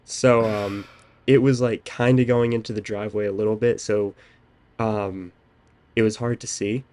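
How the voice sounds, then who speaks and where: A man's voice: fairly low pitch, little pitch movement, normal speed, a little mellow. A young man hosting a podcast, telling a story in casual chat with lots of ums. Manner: rambling storytelling with many "um"s. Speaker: podcast host.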